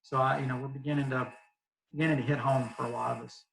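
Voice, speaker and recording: Gravelly, bright Southern man on a video call. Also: mid-range voice, little pitch movement, fast, faint music behind, low-quality recording. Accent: Southeast Arkansas Southern. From Southeast Arkansas. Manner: easygoing, laughs often, many fillers. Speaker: youth pastor. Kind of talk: casual video call chat.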